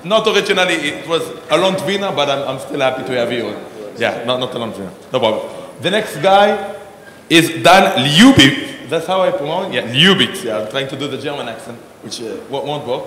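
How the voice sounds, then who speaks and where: At a large conference hall, a male host introduces a panel on stage, rambling with lots of fillers and restarts. His voice is medium in pitch and fairly bright, moving at a quick pace with hardly any pauses. The hall is echoey, with a long reverb.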